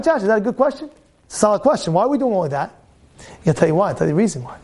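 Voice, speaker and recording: A man's voice: high voice, darkish tone. A man teaching a weekly Torah-portion class. He talks emphatically, repeats his phrases and keeps firing questions at his listeners.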